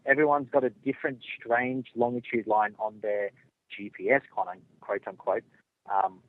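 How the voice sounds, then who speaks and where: Australian man calling in on a phone line. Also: medium pitch. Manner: chatty, casual and blunt. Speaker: caller. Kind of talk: phone-in call.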